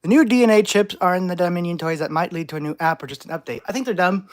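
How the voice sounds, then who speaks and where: A man's voice: sits high, rapid-fire, few pauses. A man hosting a live stream, reading chat questions aloud with playful, jokey overreactions. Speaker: channel host.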